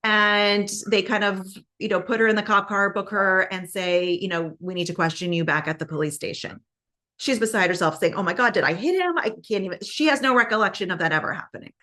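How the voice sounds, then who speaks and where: Woman host, bright tone, casual true-crime retelling, chatty with fillers. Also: medium pitch, steady tone, fairly quick. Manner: conversational, many fillers, acts out quoted lines. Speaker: podcast host.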